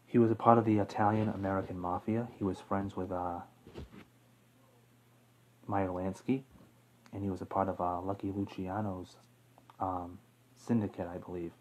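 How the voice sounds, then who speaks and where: A man's voice: low-pitched, flat delivery, moderate pace, long pauses, a little mellow, slight background noise, low-quality recording. A man hosting a casual true-crime video, rambling with fillers, self-corrections and the odd chuckle. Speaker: YouTube true-crime host. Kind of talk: casual off-the-cuff talk to camera.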